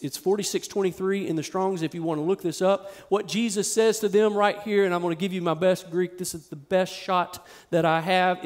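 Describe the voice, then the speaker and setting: A man delivers a church sermon in a bright, high-pitched voice. He talks to his congregation in a loose, conversational way, then leans hard into his points with emphatic force. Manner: conversational, emphatic preaching that swells in intensity. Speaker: pastor. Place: church sanctuary with a live congregation.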